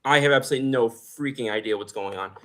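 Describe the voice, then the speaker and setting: A man's voice: medium pitch, fast talker, bright, forceful tone. A man co-hosting a casual talk show, reading viewer comments aloud with lots of fillers and jokes. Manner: rambling, filler-heavy, joking. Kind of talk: casual chat.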